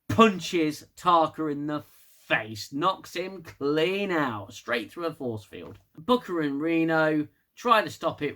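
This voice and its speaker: A man's voice: on the high side, bright, forceful tone. A British man casually recapping a TV episode with sarcastic, laughing asides. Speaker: TV episode reviewer.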